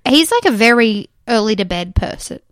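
A woman's voice: on the high side, expressive, moderate pace, a bit bright, clear, resonant tone, dry recording, clean studio sound. A young Australian woman co-hosting a podcast in a room at home, chatting casually and teasingly, giggling often and rambling with fillers. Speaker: podcast co-host. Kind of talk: casual chat. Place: room in a house.

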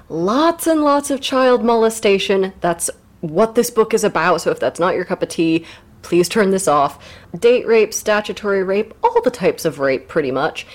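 Blunt, brisk woman co-host. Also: mid-range voice. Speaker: podcast co-host. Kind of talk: casual book podcast chat.

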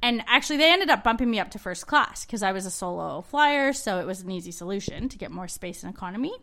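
A woman's voice: medium pitch, expressive, quick pace, sharp tone. A woman co-host in casual chat, telling travel stories and tips in a chatty way. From not from Australia, living there three years. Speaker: podcast co-host.

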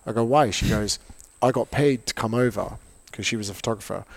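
A man with a fairly low voice chats casually as a podcast host. He eases into a story about someone he met, and the room sounds dry and close. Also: brisk, no room sound. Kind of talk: casual chat.

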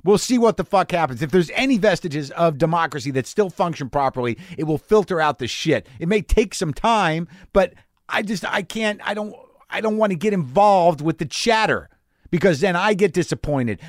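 Male podcast host, slightly high voice, dry close sound, rambling, cursing, self-deprecating. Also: animated, fairly quick, no room sound. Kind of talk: casual monologue. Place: garage studio.

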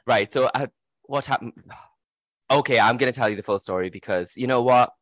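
A man's voice: medium pitch, a little fast, fairly bright tone, no room sound. A man in his thirties hosting a podcast, telling a story candidly and mocking himself, often laughing. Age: 30s. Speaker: podcast host. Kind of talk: casual storytelling chat.

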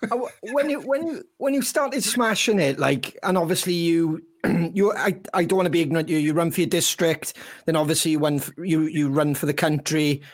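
A man hosts a casual conversation and asks long questions that keep stalling and restarting. His voice sits a little high for a man. He speaks informally and swears now and then. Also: moderate pace. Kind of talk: casual chat.

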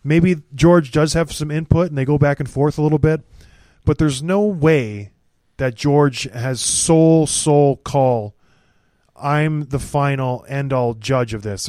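A man's voice: medium pitch, dark tone, no room sound. Blunt, ranting male podcast host. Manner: blunt, opinionated, mocking ranter. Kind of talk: casual hockey podcast chat.

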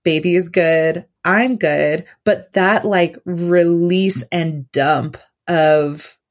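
A woman's voice: on the low side, drawn-out words. A woman guest on a podcast, telling a personal story in a loose, rambling way full of fillers.

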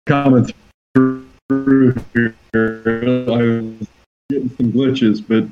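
A man joining a show as a guest over a video call, speaking haltingly while his connection keeps cutting out. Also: mid-range voice, flat delivery, narrow, tinny audio, loud music behind the voice. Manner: halting, distracted by connection trouble.

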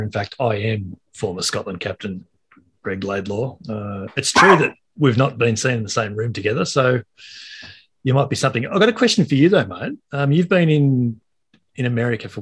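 Bloke hosting a rugby pod, slightly husky, upbeat, laughs a lot. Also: male voice, mid-range voice, animated, fairly quick, fairly bright tone. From Australia. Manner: upbeat, introduces guests, laughs easily. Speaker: podcast host. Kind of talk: casual sports podcast banter.

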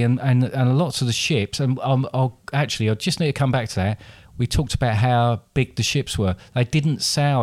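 Brief: male podcast host, mid pitch, rambling explainer, dry close mic. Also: dry recording. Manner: rambling, self-correcting, chatty. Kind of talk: casual podcast chat.

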